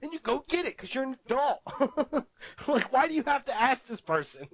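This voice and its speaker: A man co-hosting a podcast, telling a story in casual chat, animated and laughing often as he acts out what people said. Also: very high-pitched, moderate pace, no room sound, highs cut off. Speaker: podcast co-host.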